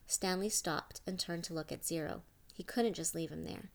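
Woman narrating a story, low voice. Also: moderate pace, creaky. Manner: steady storytelling, voices each character. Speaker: audiobook narrator. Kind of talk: scripted narration.

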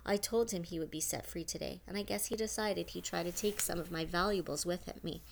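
A stern female warden of a boys' camp, cool and self-righteous as she covers her lies, read by a woman narrator. The voice sits slightly lower than most women's and rises a bit when she argues. She sounds like a storybook villain in an office, not a monster. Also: a little fast, vocal fry, a little hiss or hum. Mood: cold. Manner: cool, self-justifying, lying.

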